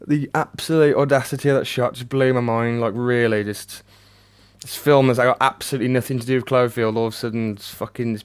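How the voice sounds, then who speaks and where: A man's voice: medium pitch, fairly even intonation, fast. Guy ranting about a movie he hates, sweary and fed up, mutters then blows up. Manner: exasperated, sweary, sardonic ranting; swings between mutters and loud outbursts. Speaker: movie reviewer. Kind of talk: ranting film review.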